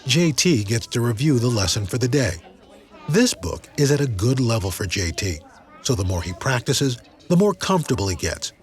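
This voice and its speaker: A man narrating a documentary segment in a clear, explanatory scripted delivery. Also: medium pitch, very animated, normal speed, some chatter behind. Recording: loud background music.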